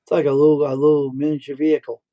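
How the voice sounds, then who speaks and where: A man's voice: on the high side, flat delivery, racing, highs cut off. A middle-aged man hosting a livestream, telling rambling stories and repeating himself. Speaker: livestream host. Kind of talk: casual storytelling.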